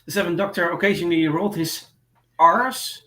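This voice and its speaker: A man's voice: high-pitched, steady tone, a little fast, a bit bright. Hesitant man in an echoey room. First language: Dutch. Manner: hesitant, many fillers, reads notes. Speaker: host. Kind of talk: casual livestream chat. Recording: echoey room with faint noise.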